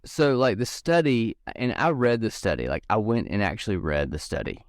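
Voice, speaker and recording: A man's voice: on the low side, animated, normal speed, no room sound, clean studio sound. A man co-hosting a casual group podcast, rambling and restarting often as he explains things over a video call. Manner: rambling, restarts a lot while reading. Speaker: podcast co-host.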